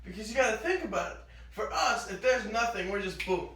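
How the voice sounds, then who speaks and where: Man, casual storyteller, high voice, animated, echoey room. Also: a little fast. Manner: animated, acts out quoted lines. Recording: echoey room, mic at a distance.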